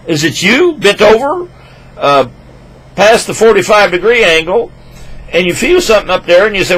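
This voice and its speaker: A man ranting crudely into a computer microphone at his home desk, rambling and swinging between loud outbursts and low mutters. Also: very animated, normal speed, poor audio. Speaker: vlogger. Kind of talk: rambling profane rant to camera.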